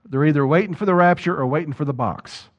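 A man's voice: fairly high pitch, quick pace, dull audio. Fervent man preaching a sermon. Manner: asks the congregation rhetorical questions, repeats words when stressing a point. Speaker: pastor.

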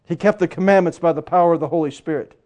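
A man preaching a sermon with passion, swinging between loud urging and hushed, quieter asides. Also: on the high side, fast talker.

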